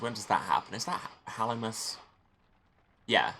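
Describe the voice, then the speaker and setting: A man's voice: on the low side, expressive, moderate pace, gravelly, pauses often, background noise. A man hosting a game playthrough, reading the story text aloud and adding wry asides. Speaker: let's play host.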